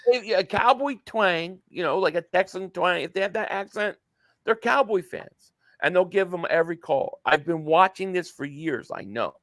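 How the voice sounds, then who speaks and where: A man's voice: high voice, moderate pace, fairly bright tone, dry recording, clean studio sound. A man hosting a casual sports podcast, rambling with plenty of fillers and reading viewer messages aloud. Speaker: podcast host.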